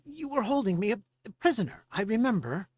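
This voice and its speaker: A man voicing a confused male elf wizard who was held captive, speaking in a raised, halting, indignant voice. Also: high-pitched, very animated, slightly rough, no echo, pitched above the performer's own voice, full character voice.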